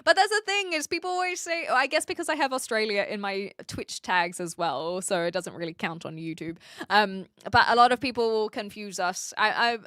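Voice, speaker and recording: A woman's voice: mid-range voice, normal speed, fairly bright tone, no room sound, studio quality. A young woman with a New Zealand accent, chatting casually with viewers on a livestream and laughing often. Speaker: streamer. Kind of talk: casual chat reading viewer messages.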